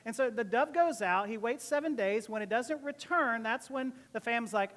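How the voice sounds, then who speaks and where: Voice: mid-range voice, normal speed, few pauses, fairly bright tone, in a large hall. A pastor giving a casual, joking sermon to a church, often laughing between points. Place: church service.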